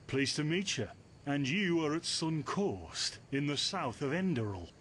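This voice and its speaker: A man's voice: on the high side, expressive, a little slow, slight background noise. A man voicing a friendly, talkative male herbalist in a game, speaking conversationally. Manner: friendly, conversational, gently teasing. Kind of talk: game voice acting.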